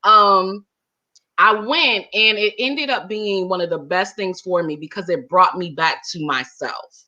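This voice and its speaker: A woman with a bright, forceful voice tells her story with real animation and expression, as an interview guest. The recording has a slightly dull, lo-fi quality. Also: mid-range voice, a little slow.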